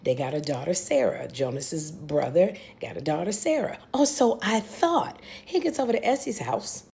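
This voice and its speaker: A young American woman recapping a TV series in a casual, animated way, with exclamations and blunt asides. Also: sits low, normal speed, gravelly. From United States. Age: young adult. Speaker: reaction video host.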